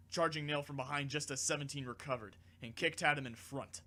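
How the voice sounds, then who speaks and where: Bright-voiced male storyteller. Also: mid-range voice, a little fast, few pauses. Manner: steady storytelling, even and clear. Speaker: narrator. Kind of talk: fan audiobook narration.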